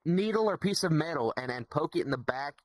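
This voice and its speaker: Rambling man with a high, dry voice. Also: animated, fairly quick, no room sound. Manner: rambling, jokey, uses many fillers. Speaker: podcast co-host. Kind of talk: casual chat.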